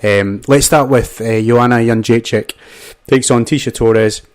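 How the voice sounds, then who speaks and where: A podcast host with a medium-pitched, steady voice runs a casual panel show at a measured pace. He reads sponsor spots and is chummy with his guests, calling them mate and amigo.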